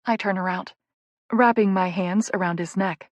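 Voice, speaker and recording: A woman's voice: medium pitch, steady tone, moderate pace, no room sound, highs cut off. A woman narrating a first-person romance audiobook in an intimate, playful way, on a close studio mic.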